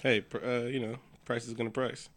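A man co-hosting a casual movie review chat, retelling scenes in animated quoted voices. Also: mid-range voice, brisk. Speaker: podcast co-host.

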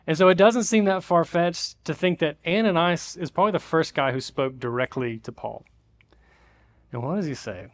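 Conversational male pastor preaching. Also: fairly high pitch. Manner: conversational, re-enacting family greetings with big voices. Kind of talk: sermon. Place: church sanctuary.

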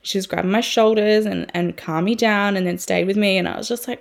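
Woman, 30s, podcast host: candid solo talk, loose and chatty, mid-pitched voice, drops swear words easily. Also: steady tone, a little fast, vocal fry, hardly any pauses. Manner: frank and chatty, swears freely, many fillers. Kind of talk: candid personal podcast monologue.

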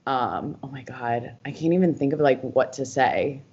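A young American woman with a very low voice chats casually on a podcast, rambling and swearing freely. The lo-fi recording sounds dull. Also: animated, moderate pace, a little mellow, breathy edge. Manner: rambling, filler-heavy, swears often. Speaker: podcast co-host. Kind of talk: casual chat.

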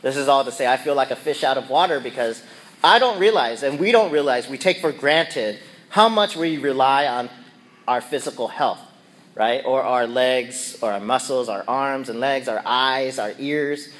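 A man's voice: mid-range voice, normal speed, fairly bright tone. A middle-aged man casually telling a personal story and acting out his own yelps and quoted lines. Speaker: speaker sharing a personal reflection.

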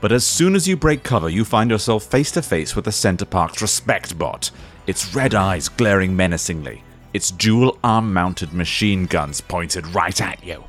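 A game master narrates a comic tabletop game in a dry, mock-dramatic way. His low voice swoops through a lively, animated pitch, and faint music plays under it. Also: moderate pace.

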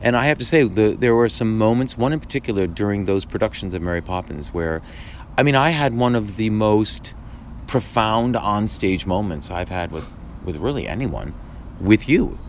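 A man's voice: lowish voice, normal speed, slight background noise. A man, a playwright hosting a podcast, speaking thoughtfully in casual conversation with frequent restarts. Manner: thoughtful, restarts often, animated asides.

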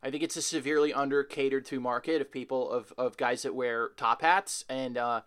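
A man's voice: mid-range voice, fairly even intonation, fairly quick, fairly bright tone, clear, resonant tone. A man co-hosting a casual comedy podcast, riffing with mock-serious, absurd asides and plenty of hesitant fillers. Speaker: podcast co-host.

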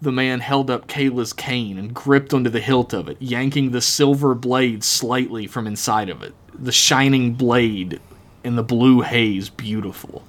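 A man's voice: medium pitch, measured pace. Man reading a horror story aloud. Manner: dramatic reading, laughs at his own jokes. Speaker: podcast co-host.

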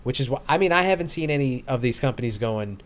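A man's voice: mid-range voice, lively intonation, fast. Rambling, easygoing man hosting a podcast. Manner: rambling, hesitant restarts, laughs often. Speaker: podcast host. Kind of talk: casual podcast chat.

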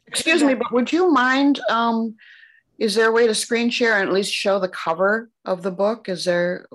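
A woman playwright being interviewed over a video call, speaking thoughtfully and haltingly. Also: fairly high pitch, a bit bright, rough recording. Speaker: playwright guest.

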